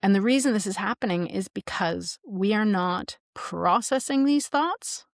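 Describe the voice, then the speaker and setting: A woman's voice: medium pitch, unhurried, no echo, clean studio sound. A woman hosting a solo podcast, explaining sleep habits in a chatty way with playful asides. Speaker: podcast host.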